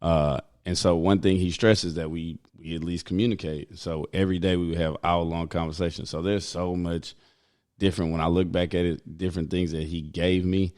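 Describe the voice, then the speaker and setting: Low-voiced young dude on a podcast, laid back, cussing, laughing a lot. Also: male voice, flat delivery, moderate pace, a little mellow. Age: young adult. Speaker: podcast co-host. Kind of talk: casual chat.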